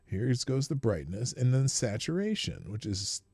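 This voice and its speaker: A man's voice: medium pitch, sing-song, normal speed, darkish tone, breathy edge, no echo, studio quality. A man hosting his own live morning stream, talking casually and rambling, often breaking off mid-sentence and laughing. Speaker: host.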